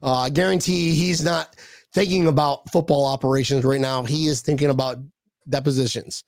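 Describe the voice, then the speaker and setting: Give me a man with a gravelly voice co-hosting a sports podcast, joking and animated. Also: medium pitch, normal speed, no echo. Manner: excitable, jokey, animated impressions. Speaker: podcast co-host. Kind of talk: casual sports chat.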